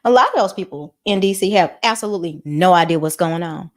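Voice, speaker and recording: Woman host, casual money talk, bouncy pitch, folksy and animated. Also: fast talker. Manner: animated, folksy, mock-quoting others in high voices. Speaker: mortgage commentator, channel host. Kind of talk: casual talk to camera about the economy.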